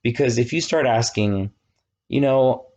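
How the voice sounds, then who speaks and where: A man in his thirties giving a casual, animated classroom lecture, often checking that students follow. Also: mid-range voice, measured pace, muffled recording. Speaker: college lecturer.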